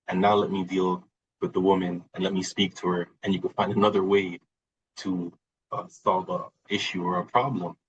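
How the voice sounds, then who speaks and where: A man's voice: low-pitched, highs cut off, slight background noise. A man talking as a podcast guest in a reflective, conversational way, often repeating words and acting out quoted reactions. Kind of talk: casual conversational talk.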